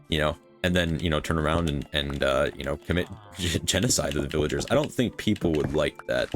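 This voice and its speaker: A man's voice: a bass voice, brisk, hardly any pauses, over music. A man casually commenting on his building game for his own channel, rambling with many fillers and restarts. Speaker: gaming channel host.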